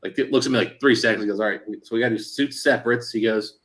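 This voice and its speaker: A man hosting a casual chat show, telling an anecdote and quoting others in lively back-and-forth with lots of "like" and "he goes". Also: fairly low pitch, racing. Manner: animated storyteller quoting others in dialogue; frequent fillers like "like" and "he goes". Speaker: show host.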